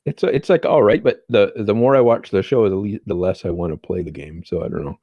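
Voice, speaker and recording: A man co-hosting a podcast, talking in a halting, hesitant way. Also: lowish voice, dry recording, highs cut off. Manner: hesitant, many fillers and restarts. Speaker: podcast co-host. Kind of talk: casual chat.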